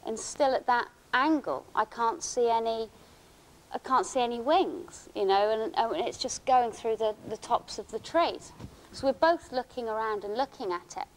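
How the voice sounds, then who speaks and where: A woman giving a conference talk, recounting a personal experience in a halting, emotional way with many restarts. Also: a little high, rough recording. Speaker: conference speaker. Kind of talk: first-person account given as a conference talk. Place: conference hall.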